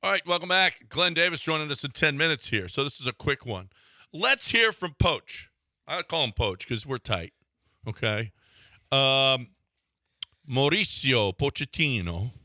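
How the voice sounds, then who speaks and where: A man's voice: on the high side, sing-song, bright, forceful tone, dry recording. A man hosting a sports radio show from a studio, joking and sarcastic in casual chat. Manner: joking, sarcastic, quick asides. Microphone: studio microphone.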